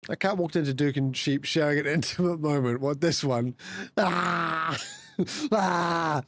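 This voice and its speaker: A man streaming, chatting casually and laughing, dropping to low mutters and jumping to high exclamations. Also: a little fast, dry recording. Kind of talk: casual live-stream chat.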